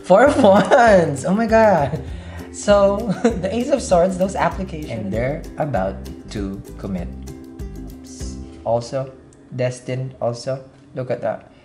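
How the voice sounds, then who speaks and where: Tarot reader, solo to camera. Chatty, laughs a lot, slight accent, mid-pitched voice. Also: slow, music in the background. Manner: chatty, laughs often, keeps asking "okay?". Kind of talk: casual daily tarot reading to camera.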